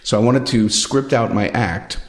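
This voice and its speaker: A male stand-up comedian answering interview questions in a thoughtful, halting, self-deprecating way. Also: medium pitch.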